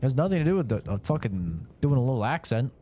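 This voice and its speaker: Animated streamer man. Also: mid-range voice, quick pace, slight background noise. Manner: animated, rambling, profane. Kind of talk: live gameplay commentary.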